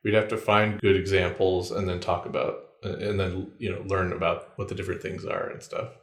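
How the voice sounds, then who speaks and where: A man's voice: low voice, little pitch movement, brisk. A man co-hosting a podcast in casual chat, laid-back and musing aloud. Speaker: podcast co-host. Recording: roomy echo.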